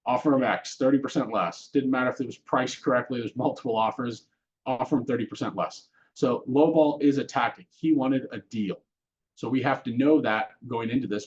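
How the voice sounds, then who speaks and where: A man's voice: mid-range voice, darkish tone, muffled recording. A man teaching a real estate course in a casual lecture style, often putting questions to his audience. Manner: conversational, asks the audience questions. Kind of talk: classroom lecture.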